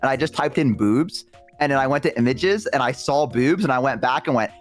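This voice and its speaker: A man telling stories casually and excitably, swearing freely and saying "like" a lot. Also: medium pitch, fairly quick, soft background music. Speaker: streamer guest. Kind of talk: casual storytelling.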